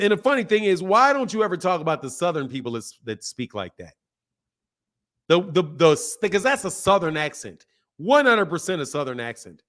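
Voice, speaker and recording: With an on-the-high-side, slightly bright voice, a man gives casual boxing livestream commentary, reading chat aloud while talking bluntly, repetitively, and with plenty of slang in a rambling way.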